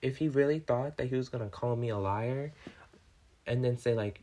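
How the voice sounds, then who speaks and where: A man's voice: medium pitch, normal speed. Fired-up man telling a storytime. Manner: animated, swearing, swings from calm to worked up. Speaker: vlogger, restaurant manager. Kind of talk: casual storytime vlog.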